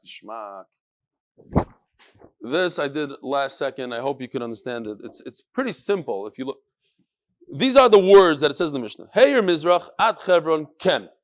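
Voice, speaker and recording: Teaching a Daf Yomi Talmud class, this man has a higher-pitched voice and talks at normal speed. His yeshivish English is full of Hebrew and Yiddish words, and he gets animated, raising his voice to play out the exchanges in the text.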